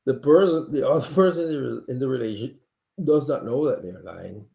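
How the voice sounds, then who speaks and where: A man hosts a live-streamed talk show while sick and coughing, with a mellow, dark tone. He speaks earnestly and directly to his audience and often restarts his sentences. The sound has the echo of a hard-walled room. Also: mid-range voice, animated, fairly quick, vocal fry. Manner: earnest, talks straight to viewers, frequent restarts. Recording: echoey room.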